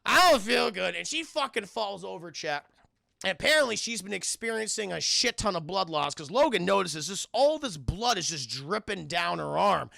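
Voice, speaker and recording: A man recapping a film casually to his stream chat, animated and profane, often repeating himself. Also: sits high, moderate pace, vocal fry, no room sound, clean studio sound.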